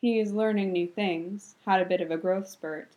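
Brief: sharp-tongued young male ninja teacher with dry retorts, read by a woman. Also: medium pitch, fairly even intonation, normal speed, lightly acted. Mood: wistful.

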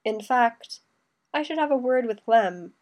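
A woman voicing a young male emperor who speaks slowly and measuredly with dry teasing. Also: fairly high pitch, lively intonation, a little mellow. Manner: slow, measured, dryly teasing.

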